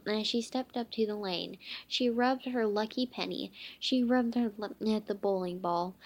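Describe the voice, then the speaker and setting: A woman reading a children's book aloud, halting often with slips and restarts. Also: on the high side, a bit bright. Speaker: reader.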